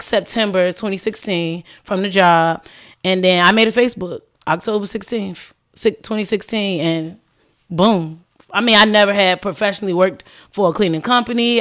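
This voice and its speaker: Animated woman telling stories casually. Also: mid-range voice, smooth. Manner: animated, acts out quoted dialogue, frequent "like". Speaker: podcast guest, cleaning business owner. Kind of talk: casual storytelling chat.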